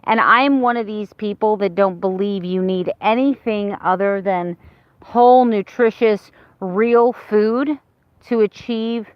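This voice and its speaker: A woman's voice: mid-range voice, slow pace, clean tone, no room sound, dull audio. A woman in her fifties talking candidly to her viewers in a casual, rambling vlog. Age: 50s. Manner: candid and rambling, with many restarts. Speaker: vlogger. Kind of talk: casual chat to camera.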